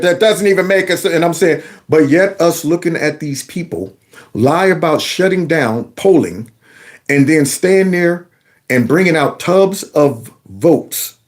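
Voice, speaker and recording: A man with a fairly high voice hosts a commentary show and talks back to news clips. He is sarcastic and mocking, firing off rhetorical questions in loose, colloquial speech. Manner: casual colloquial speech with y'all. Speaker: political commentary host.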